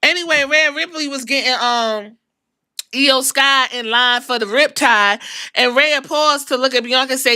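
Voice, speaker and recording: Bright-voiced woman, lively wrestling recap. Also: high voice, moderate pace, smooth, no echo, clean studio sound. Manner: animated, profane, acts out quotes. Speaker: podcast host.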